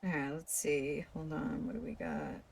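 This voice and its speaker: A woman's voice: low voice, sing-song, normal speed, vocal fry, a little mellow. Casual, swearing woman streamer. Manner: casual and profane, reads game text aloud. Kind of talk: casual let's-play commentary. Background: faint game music.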